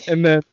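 A young man from Canada hosting a podcast, telling high school stories in a casual chat with friends, animated, swearing freely and laughing often. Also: slight background noise. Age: young adult. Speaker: podcast host. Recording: dull, slightly muffled dry audio.

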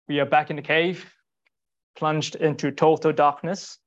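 A man giving a sermon in an earnest, rhetorical way, repeating short phrases and pausing for weight. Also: on the high side, flat delivery, highs cut off. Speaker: speaker giving a Bible talk.

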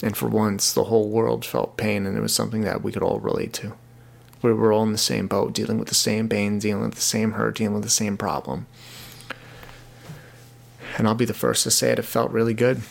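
This young podcast host talks alone into the mic in a loose, wandering but sincere way, frequently repeating himself. His voice is gravelly and fairly low, fairly quick, with little rise and fall in pitch.

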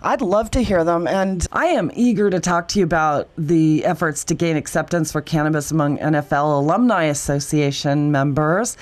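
A woman's voice: deep voice, normal speed, few pauses, darkish tone. A woman hosting a talk show, reading a polished introduction and then asking her guest questions. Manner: polished, read-aloud delivery. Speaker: podcast host. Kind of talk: scripted introduction and interview questions.

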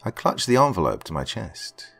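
Deep, animated male storyteller for first-person fiction. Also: normal speed, vocal fry, faint music behind. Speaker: narrator.

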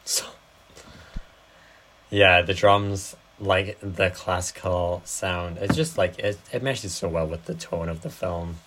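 A woman's voice: rumbling low, slow, fairly bright tone, a little hiss or hum. A young woman co-hosting a podcast, talking about films in a laid-back way with short agreements and casual swearing. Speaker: podcast co-host. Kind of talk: casual film-review chat.

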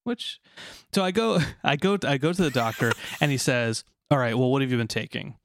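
A man's voice: mid-range voice, animated, brisk, noisy background. A man in his thirties chatting casually and joking, often laughing. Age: 30s. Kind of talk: casual chat.

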